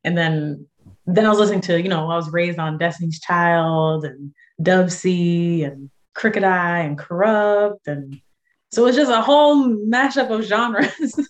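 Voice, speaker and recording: On the low side and unhurried, this young San Diego woman's voice comes through a muffled recording. She's a guest musician and actress being interviewed, chatting casually with plenty of fillers and easy laughter.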